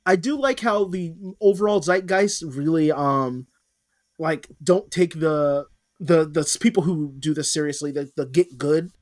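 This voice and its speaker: A man's voice: on the high side, a little slow, no room sound, clean studio sound. Rambling, profane podcast co-host man. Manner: rambling, profane, many restarts. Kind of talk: casual chat.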